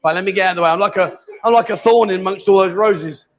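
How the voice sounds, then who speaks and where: A man's voice: high-pitched, fast talker. A man hosting a casual livestream from a busy bar, chatty and teasing, calling everyone darling. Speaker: livestream host. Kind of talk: casual live bar banter. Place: busy bar with pool table. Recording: dull lo-fi livestream audio. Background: bar crowd chatter.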